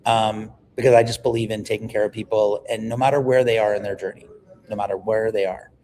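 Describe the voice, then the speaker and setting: Animated man telling stories. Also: fairly low pitch, quick pace, a little hiss or hum. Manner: animated storyteller, emphatic, repeats words when excited. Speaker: guest on a health livestream. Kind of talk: casual livestream conversation.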